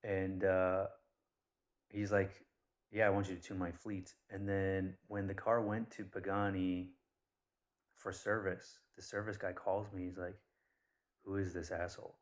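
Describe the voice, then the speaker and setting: Deep-voiced guy ranting loosely to camera, blunt and sweary. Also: a little slow. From Persian background. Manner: blunt, swears, animated retellings. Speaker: vlogger. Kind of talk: casual rambling monologue.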